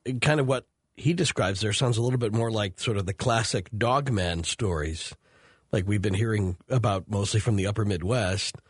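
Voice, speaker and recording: A man hosting a call-in radio show, summing up a caller's story and moving to the next caller in a measured way. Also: lowish voice, slightly rough, no room sound, studio quality. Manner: measured, takes calls and sums up stories.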